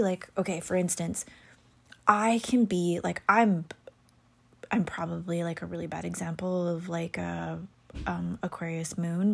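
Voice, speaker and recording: A woman chatting casually about astrology, rambling and full of "like" and "you know", sometimes dropping into soft whispery asides. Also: lowish voice, husky. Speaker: astrology content creator. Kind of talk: casual chat.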